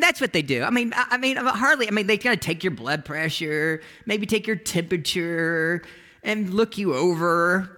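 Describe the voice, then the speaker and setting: Bright, high-voiced male preacher. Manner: conversational storytelling with frequent restarts. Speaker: pastor. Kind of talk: sermon.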